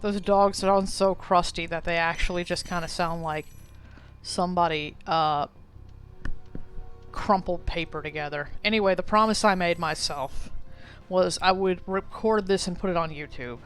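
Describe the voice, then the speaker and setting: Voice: medium pitch, fairly even intonation, moderate pace, a bit bright, smooth, faint music behind. A streamer giving casual gameplay commentary, rambling, swearing and mocking themselves.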